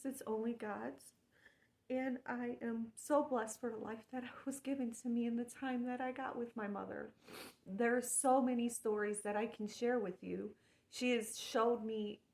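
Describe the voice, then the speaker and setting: A woman speaking in a heartfelt personal monologue, earnest and spiritual, often repeating herself. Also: a little high. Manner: earnest, spiritual, emotional with repetitions. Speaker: vlogger.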